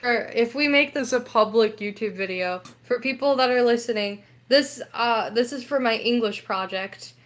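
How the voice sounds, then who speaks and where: Excitable teen girl co-hosting a podcast. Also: on the high side, moderate pace, hardly any pauses. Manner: excitable, laughing, reads news stories aloud. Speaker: podcast co-host. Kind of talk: casual chat.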